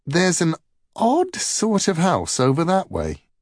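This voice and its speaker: A man's voice: fairly high pitch, huge pitch swings, slow pace, breathy edge, no echo, clean studio sound, pitched above the performer's own voice, full character voice. A man voicing a sly, mischievous male trickster god in a storybook reading, with a lilting, wondering delivery. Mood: puzzled.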